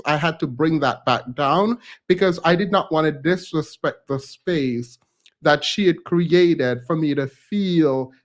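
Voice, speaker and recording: A man hosting a live stream who tells a personal story in a rambling, animated way, full of filler words and frequent laughs. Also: fairly high pitch. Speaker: host of a live reaction stream. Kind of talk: casual storytelling chat.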